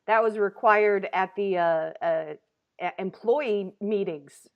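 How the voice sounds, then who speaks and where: A woman in her thirties hosting a comedy talk show, telling a story in an animated, laughing, casual way. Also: medium pitch, slow, highs cut off.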